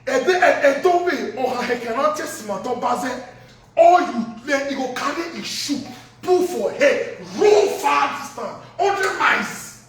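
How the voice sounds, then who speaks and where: A man's voice: extremely high pitch, animated, a little slow, fairly bright tone. A man ranting heatedly in a Nigerian Pidgin accent, hurling insults. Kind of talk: angry social media rant. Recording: echoey room from far off.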